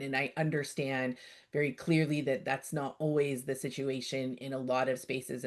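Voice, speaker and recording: A middle-aged woman from Canada in a casual interview, telling stories and acting out bits of dialogue. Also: a bass voice. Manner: lively storyteller, acts out quoted dialogue. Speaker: outdoor educator, guest.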